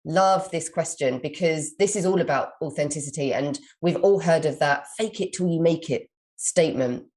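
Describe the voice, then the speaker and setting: A woman's voice: deep voice, normal speed, darkish tone. A British woman in her young adult years, a communication coach answering listener questions in a live Q&A, reading each question aloud and then giving long, encouraging advice.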